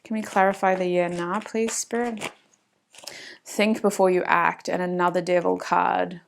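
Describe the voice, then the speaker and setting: Chatty Australian woman, a slightly gravelly voice. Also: lowish voice, flat delivery, unhurried. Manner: chatty, talks to spirit and viewers, laughs often. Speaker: tarot reader. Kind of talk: casual tarot reading.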